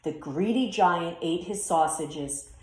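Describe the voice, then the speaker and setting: A woman's voice: on the low side, slow pace, a little hiss or hum. A woman teacher reading a children's storybook aloud expressively, then talking to her pupils. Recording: roomy echo.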